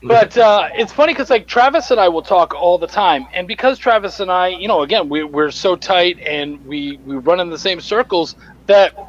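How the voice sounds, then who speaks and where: A man's voice: high-pitched, normal speed, hardly any pauses, highs cut off. A man chatting on an online panel, candid and laughing, swearing freely. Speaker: comic creator panelist. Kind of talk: casual panel chat.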